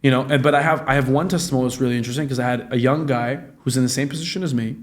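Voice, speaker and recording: A man's voice: medium pitch, rapid-fire. A man in his late twenties talking casually and acting out the people in his stories, with plenty of profanity. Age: 20s. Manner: animated storytelling, profane, acts out quoted dialogue. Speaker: guest, real estate business owner. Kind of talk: casual podcast conversation.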